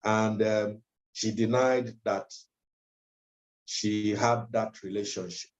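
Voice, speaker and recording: A man gives a legal training lecture in a measured way, often pausing with ums and uhs. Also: lowish voice, little pitch movement. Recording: dull lo-fi recording.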